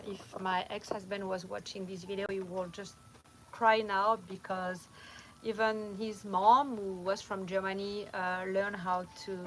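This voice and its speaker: A middle-aged woman from France, a vlogger with a strong French accent, casually chats and laughs often with livestream viewers at night in a van or at home. Her voice is mid-range. Recorded on just a phone or camera with no mic, the audio is very noisy.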